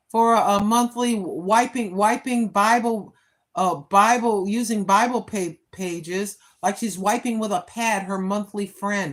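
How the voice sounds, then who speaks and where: Older woman, chatty and preachy, rambling live-stream talk, fairly high voice, phone mic. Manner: chatty, preachy, talks to herself. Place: outdoors on a walk.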